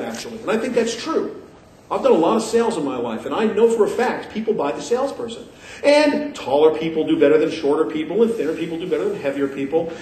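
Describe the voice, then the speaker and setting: Male conference speaker, lively and emphatic with a sarcastic edge, caught by a distant mic in a roomy hall. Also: on the high side, a little hiss or hum. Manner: emphatic, sarcastic, repeats points for effect. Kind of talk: animated lecture to an audience. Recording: echoey room picked up from a distance.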